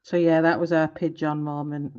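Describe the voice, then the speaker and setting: A woman's voice: deep voice, little pitch movement, normal speed, a little mellow, smooth, highs cut off. A woman hosting a colouring live stream, chatting casually and giggling as she trips over product names.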